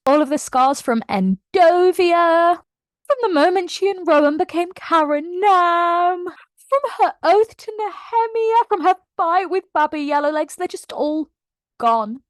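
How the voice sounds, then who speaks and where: A woman's voice: extremely high pitch, unhurried, no room sound. A woman book vlogger giving a casual, emotional and gushing plot recap. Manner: emotional, gushing and animated retelling.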